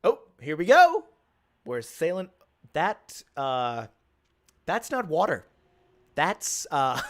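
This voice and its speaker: An Australian man chatting excitably while streaming a game, often gasping and laughing. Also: on the high side, slow pace, pauses often. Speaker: streamer and voice actor. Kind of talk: casual game stream chat.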